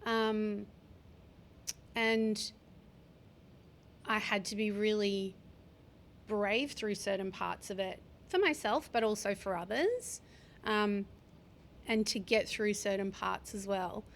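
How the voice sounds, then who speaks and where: A woman in her forties, a podcast guest talking openly and with feeling in an interview, sometimes slowing down and swearing for emphasis. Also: medium pitch, slight background noise. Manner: open, heartfelt, speaks slowly in places, occasional swearing. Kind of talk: candid interview conversation.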